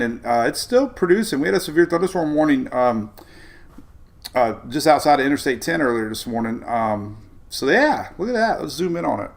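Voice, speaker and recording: Male weather-stream host, gravelly, rambling and chuckly, mid-range pitch. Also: animated, normal speed. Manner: rambling, chuckling, self-interrupting. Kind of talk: casual live-stream weather talk.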